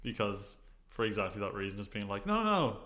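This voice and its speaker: A man's voice: fairly low pitch, level tone, a little fast, fairly bright tone. An Irish man co-hosting a podcast, reacting with short remarks and frequent laughter. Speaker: podcast co-host. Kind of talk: casual chat.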